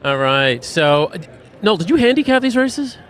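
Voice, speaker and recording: A man's voice: high voice, big pitch swings, moderate pace, fairly bright tone. A man hosting a live stream from a casino tournament room, asking eager questions and laughing easily. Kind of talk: casual live-stream banter.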